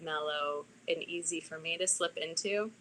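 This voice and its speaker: A woman who narrates audiobooks, chatting casually about her recording work in a relaxed, talkative way. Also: low-pitched, moderate pace, low-quality recording. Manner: relaxed, chatty, with restarts and soft laughs. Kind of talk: casual conversation.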